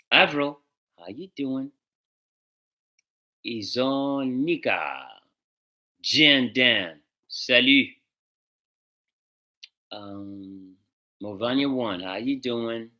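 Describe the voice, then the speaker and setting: A man hosting a casual music livestream, greeting viewers by name in a relaxed, chatty way and slipping into French and Spanish greetings. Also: mid-range voice. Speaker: musician hosting a live stream.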